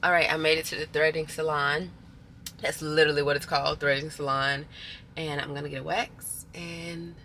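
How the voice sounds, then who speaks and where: A woman's voice: sits low, flat delivery, moderate pace, pushed and bright, echoey room, a little hiss or hum. A woman, talking to camera in a casual vlog, chatty and blunt, swearing freely. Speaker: vlogger.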